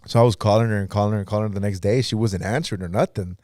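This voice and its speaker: A man's voice: lowish voice, steady tone, racing, a little mellow, no room sound, clean studio sound. A pastor guest in a podcast interview, telling his own story in a casual, earnest way and acting out what others said.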